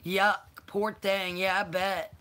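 Slow-talking woman host. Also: mid-range voice, little pitch movement, a bit bright. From North Carolina. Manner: affectionate, calls viewers honey and baby. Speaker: channel host. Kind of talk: live-stream chat, greeting viewers.

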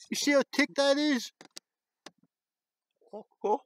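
A man vlogging outdoors in the woods, exclaiming excitedly and chatting to his viewers as he explores. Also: very high-pitched, takes it slowly, rough recording. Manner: excitable, lots of exclamations and chuckles. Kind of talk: casual vlog commentary.

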